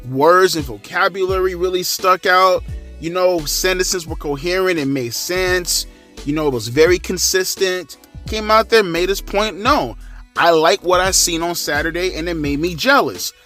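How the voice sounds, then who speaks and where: Soft background music plays behind a high-voiced man in his thirties speaking at a measured pace. He's a wrestling commentary vlogger on a casual rant, full of slang and profanity, animated and crude in manner.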